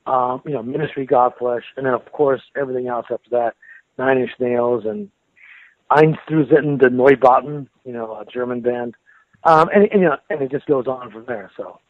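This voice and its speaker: An American man being interviewed as a metal guitarist, chatty and relaxed, laughing often and repeating words as he thinks. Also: medium pitch, normal speed, no room sound. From United States. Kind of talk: casual phone interview. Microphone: phone. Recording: tinny dry phone line.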